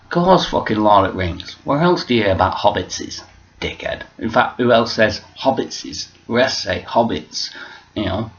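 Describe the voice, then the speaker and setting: A vlogger with a fairly low, slightly bright voice talks to the camera at a normal pace. His monologue is casual, rambling, off the cuff and full of swearing, captured on a muffled lo-fi recording.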